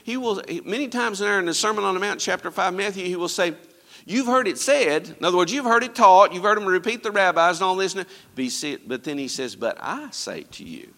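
A man preaching a sermon as pastor, swinging between loud emphatic lines and quiet, low asides. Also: quick pace, hardly any pauses, long reverb tail. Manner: preaching with sweeping rises and drops in pitch and loudness.

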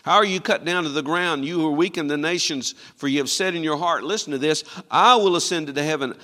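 Male preacher, sermon, bright forceful tone, rising and falling from loud to soft, big hall reverb. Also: fairly high pitch, a little fast. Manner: dramatic swings from loud to hushed, quoting scripture.

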